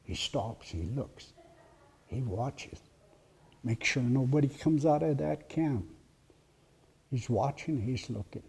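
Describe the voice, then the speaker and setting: Brief: male oral storyteller, gravelly voice, suspenseful whispered asides. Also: mid-range voice, darkish tone. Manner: dramatic pauses, drops to whispers for suspense. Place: heritage center presentation.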